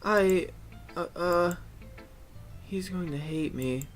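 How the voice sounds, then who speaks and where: Guy putting on a shy bookworm girl, stammery and hesitant, a bit high. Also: takes it slowly, faint music behind. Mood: nervous. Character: shy, nervous bookish teen girl.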